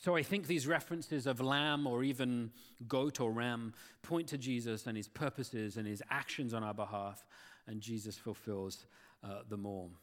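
A man's voice: mid-range voice, fairly even intonation, normal speed, fairly bright tone, in a large hall. A man preaching a sermon, earnest and full of rhetorical questions to his listeners. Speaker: pastor.

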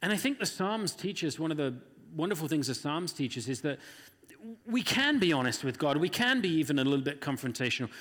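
A man's voice: on the high side, very animated, brisk, fairly bright tone. A man preaching a sermon in an earnest, conversational way, often acting out the voices of the people he quotes. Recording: long hall reverb.

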